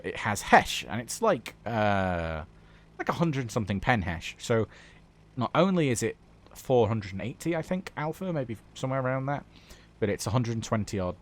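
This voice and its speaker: A British man giving enthusiastic, chatty commentary over a gameplay replay as a gaming YouTuber. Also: fairly low pitch.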